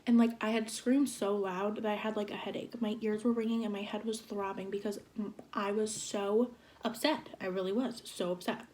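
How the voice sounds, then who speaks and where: A young woman in her twenties telling a storytime vlog in an animated, exasperated way. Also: medium pitch, a little hiss or hum. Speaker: vlogger. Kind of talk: storytime vlog while eating.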